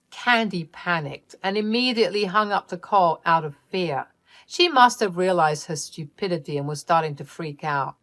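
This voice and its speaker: A woman narrating a first-person family story in an even, matter-of-fact way. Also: on the low side, normal speed.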